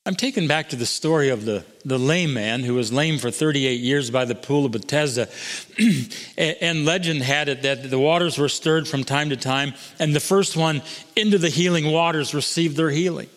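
A man preaching a sermon as pastor, swinging between soaring emphatic lines and hushed, intimate ones. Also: on the high side, normal speed, in a large hall.

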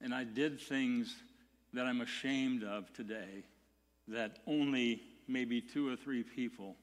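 Speaking slowly at a medium pitch, a male pastor delivers an earnest sermon. His stammered restarts build into emphatic peaks, and the recording carries a long hall reverb.

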